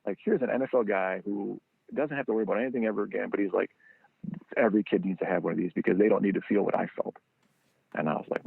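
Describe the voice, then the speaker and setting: Gravelly man on a tinny line. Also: fairly even intonation, fast, no echo. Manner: acts out quoted people with sudden high jumps in pitch. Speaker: guest, training football founder. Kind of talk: animated storytelling. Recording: dry, tinny phone-line sound.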